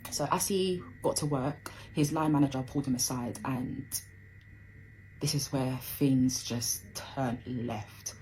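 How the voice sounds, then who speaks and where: A woman's voice: extremely low pitch, steady tone, mellow, slight background noise, low-quality recording. A young woman telling a personal story in a casual, emotional rush, full of fillers. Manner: emotional, fast, breathless retelling with many fillers.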